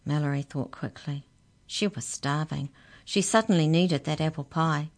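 A woman reading a children's story aloud as narrator, clear and expressive. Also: sits low, moderate pace.

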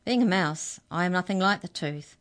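A woman's voice: lowish voice, moderate pace, lightly acted. A woman voicing a small, eager mouse who speaks insistently in a children's story. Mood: matter-of-fact.

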